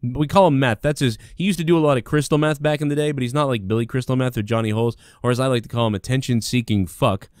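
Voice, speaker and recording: A man's voice: mid-range voice, fairly even intonation, quick pace, hardly any pauses, darkish tone, no echo, studio quality. Profane, rambling male show host. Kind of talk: profane comedic monologue.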